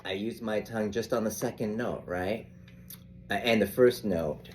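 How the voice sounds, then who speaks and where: An older man teaching saxophone in an unhurried, rambling way, often restarting his sentences. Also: on the low side, a little mellow. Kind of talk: casual instructional talk.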